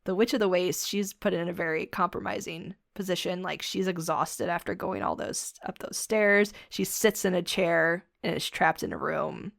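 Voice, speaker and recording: A woman's voice: on the low side, normal speed, gravelly, hardly any pauses, no room sound, studio quality. A woman co-hosting a podcast, summarizing a film casually and chiming in with "yeah" often. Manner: chatty summarizing with frequent "yeah" agreement. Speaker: podcast co-host.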